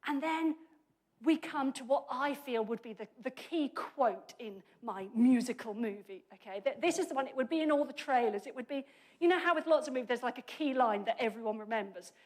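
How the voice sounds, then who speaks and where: A woman preacher giving a chatty, humorous sermon, often correcting herself mid-sentence as she goes. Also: high-pitched. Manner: lively, chatty and humorous, with quick self-corrections.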